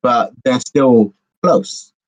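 A man co-hosting a casual chat, eager and quick to jump in, often stammering and restarting. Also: mid-range voice, poor audio.

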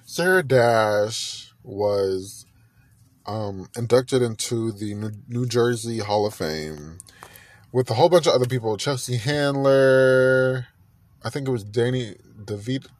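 A man hosting a podcast, chatting in a gushing, animated way and repeating himself often. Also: mid-range voice, measured pace, dry recording. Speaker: podcast host. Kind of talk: casual music gossip chat.

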